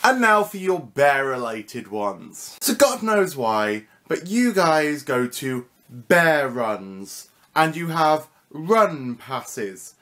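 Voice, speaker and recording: A man's voice: fairly high pitch, very animated, drawn-out words, fairly bright tone. A young British man with a cheeky, mock-indignant manner, hosting a comedic vlog lesson. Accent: British English. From United Kingdom. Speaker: vlogger.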